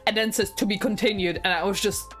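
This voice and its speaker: A chatty woman streamer talks to her viewers in easy, excitable conversation, laughing often as she tells stories. Her pitch sits in a middle range. Soft music plays faintly behind her. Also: fairly quick. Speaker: game streamer. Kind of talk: casual stream chat.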